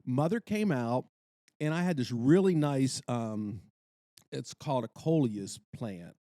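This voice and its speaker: A middle-aged man telling a story in casual podcast chat, animated and exclaiming. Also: mid-range voice, unhurried, no echo, clean studio sound. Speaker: podcast co-host.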